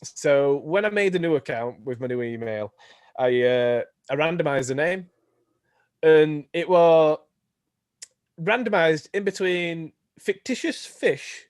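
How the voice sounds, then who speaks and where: A man's voice: on the high side, measured pace, dry recording, clean studio sound. Upbeat Yorkshire man on a podcast. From Yorkshire, England. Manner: enthusiastic, laughs easily. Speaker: guest streamer. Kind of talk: casual podcast chat.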